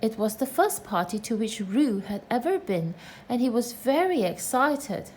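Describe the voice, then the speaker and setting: A woman reading a children's storybook aloud in a gentle, measured way. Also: fairly high pitch, animated, slight background noise, rough recording. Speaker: reader.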